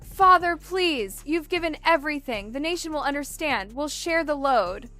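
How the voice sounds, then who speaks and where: A woman's voice: high-pitched, lively intonation, normal speed, bright, forceful tone, faint music behind. A woman voicing a dutiful adult prince, speaking in a pleading, earnest way.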